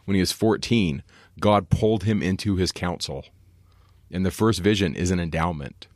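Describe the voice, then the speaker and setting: A man with a low voice, recorded dry and close, leads a casual scripture discussion. He explains verses and slows down deliberately whenever he reads a passage aloud. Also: no echo. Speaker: podcast co-host, scripture teacher.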